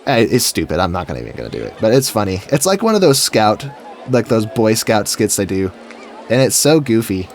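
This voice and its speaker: A man's voice: fairly low pitch, sing-song, fairly quick, a little hiss or hum. Goofy, chatty man narrating his game. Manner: chatty, goofy, talks to himself while building. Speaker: gaming video creator. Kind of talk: casual let's-play commentary.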